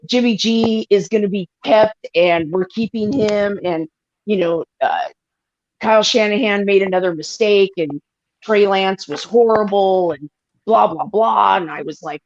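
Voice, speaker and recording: Woman, casual sports chat, rambling and animated, curses a lot, dull lo-fi audio, dead dry room. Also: medium pitch, unhurried, no echo. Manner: rambling, animated, swears freely, filler-heavy. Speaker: podcast co-host.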